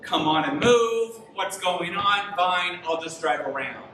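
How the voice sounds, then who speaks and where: A man in his thirties preaching a sermon as pastor, telling stories in an animated way and sounding tired from little sleep. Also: sits high, unhurried, a little hiss or hum. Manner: animated storytelling, rising to near-shouts in frustration. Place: church sanctuary. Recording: echoey room, mic at a distance.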